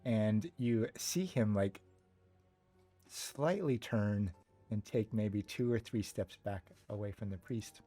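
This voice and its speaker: Male game master, slow halting narration, lowish voice, faint music behind. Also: dark tone. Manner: halting, with fillers.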